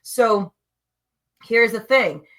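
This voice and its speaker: Bright-voiced woman telling animated stories. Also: on the high side, very slow. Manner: animated, emphatic, acts out quotes. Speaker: podcast guest. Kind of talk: casual spiritual storytelling.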